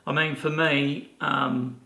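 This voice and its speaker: Older man, podcast co-host, gravelly and bright-toned, chatty storyteller. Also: a little high, takes it slowly. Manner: animated anecdote teller, many fillers and restarts. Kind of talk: casual storytelling chat.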